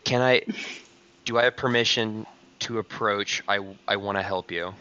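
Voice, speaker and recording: Lowish bright voiced guy playing a tabletop game, excitable, dull lo-fi mic. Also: clear, resonant tone. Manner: excitable, talks in quick bursts with restarts. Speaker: player. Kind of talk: casual tabletop play.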